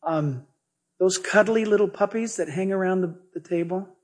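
A preacher gently acting out a kindly male teacher who speaks softly and tenderly. The voice is husky and lower than the preacher's usual delivery. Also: normal speed.

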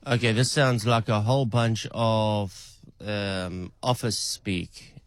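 A man's voice: on the low side, steady tone, slow, no room sound. Casual man teasing an AI caller. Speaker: caller testing an AI agent. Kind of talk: casual playful questioning.

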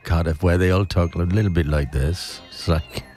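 A deep, low-pitched man hosts a comic trivia monologue. He rambles from one fact to the next, often stops to correct himself, and chuckles along the way. Loud music plays behind him. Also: brisk.

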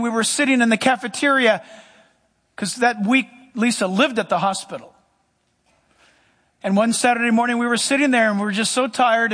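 Male pastor, very high pitched, emphatic sermon storytelling, long hall echo. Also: a bit bright.

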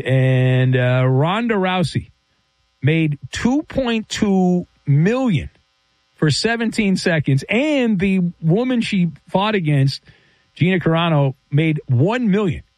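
A man's voice: a little high, big pitch swings, slow, a little mellow, no echo. A man hosting a sports talk radio show, opinionated and rambling as he argues with callers and tells stories.

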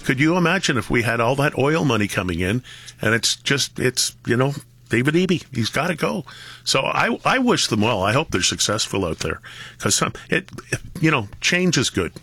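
A man's voice: medium pitch, big pitch swings, sharp tone, husky. A man hosting a talk radio show, chatting casually and wrapping up segments. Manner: chatty, quick wrap-ups.

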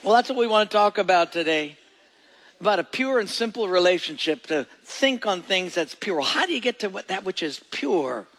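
A man's voice: high voice, lively intonation, normal speed, a bit bright. A male pastor preaching a sermon in a church, telling folksy stories with jokes. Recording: echoey hall.

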